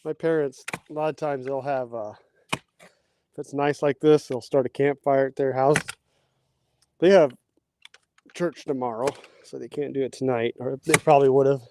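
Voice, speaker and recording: While working on post holes outdoors, a chatty livestream host reads viewer comments and talks with his audience, at times breathing hard. His warm, steady mid-range voice moves at a moderate pace with frequent pauses, over a little hiss or hum.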